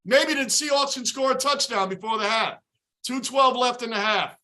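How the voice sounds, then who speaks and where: Shouting, bright-voiced man fan ranting. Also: very high-pitched, moderate pace. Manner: frustrated, shouting play-by-play and rants. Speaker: fan livestream host. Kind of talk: live fan reaction commentary.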